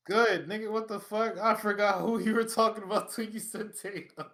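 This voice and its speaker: A man's voice: high voice, fairly even intonation, normal speed, a bit bright. A man co-hosting a podcast, chiming in with short, profane casual reactions. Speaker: podcast co-host. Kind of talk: casual chat.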